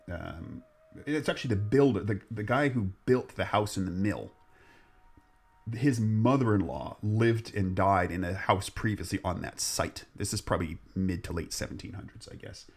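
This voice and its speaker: A man's voice: fairly low pitch, normal speed, creaky, husky. A man hosting a podcast, telling a ghost story in a rambling, jokey way. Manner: rambling, jokey, restarts often. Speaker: podcast host. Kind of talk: casual storytelling chat.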